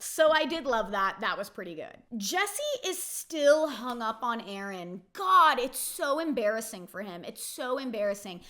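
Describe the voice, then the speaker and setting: A woman's voice: fairly high pitch, big pitch swings, unhurried, hardly any pauses, bright, forceful tone. A young woman hosting a casual reality TV recap, chatty and opinionated, peppering her talk with "like". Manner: chatty, opinionated, heavy use of "like".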